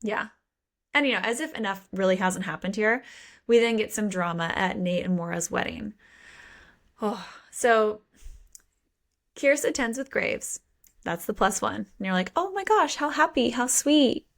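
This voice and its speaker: A woman's voice: mid-range voice, moderate pace, pauses often. A woman co-hosting a podcast, recapping a book in casual chat with playful swearing and mock quotes. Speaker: podcast co-host.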